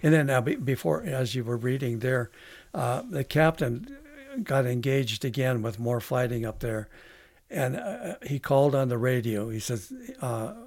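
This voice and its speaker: A man, a veteran guest on a podcast, telling a long story in a halting way with many restarts. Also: mid-range voice, animated, creaky, a little mellow, no echo. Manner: halting, with frequent restarts and fillers. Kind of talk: casual storytelling interview.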